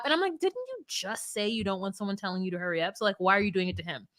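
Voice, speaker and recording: A woman co-hosting a casual podcast, animated and swearing freely, mimicking people in a mocking voice. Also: a little high, brisk, hardly any pauses. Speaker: podcast co-host recapping a reality show. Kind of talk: casual chat.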